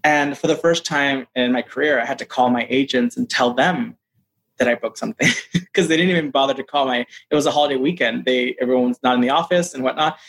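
A man being interviewed as an actor, telling a story in a casual, animated way, full of "like" and "you know" and acting out what people said. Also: mid-range voice, quick pace. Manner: animated, acts out quoted dialogue; frequent fillers like "like" and "you know". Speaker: actor guest.

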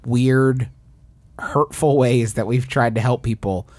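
A man's voice: mid-range voice, fairly even intonation, darkish tone, no echo, faint music behind. A man co-hosting a podcast in casual comedic chat, jokey and teasing. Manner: jokey, teasing, quick interjections. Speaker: podcast co-host.

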